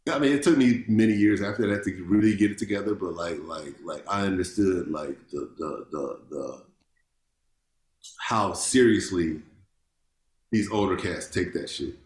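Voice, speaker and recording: Laid-back male jazz musician, storyteller, stumbles and repeats, low register, reverberant room. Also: normal speed. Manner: loose, repeats words, animated storytelling with quoted voices. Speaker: jazz bassist, guest. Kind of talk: casual interview chat. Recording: roomy echo.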